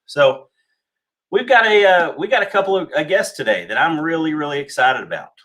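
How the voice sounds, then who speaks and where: A man's voice: a little high, expressive, brisk, sharp tone. Man, local radio host, middle-aged, a bit out of breath, rambling with restarts. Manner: rambling, with many fillers and restarts. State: a little out of breath. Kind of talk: casual radio show hosting.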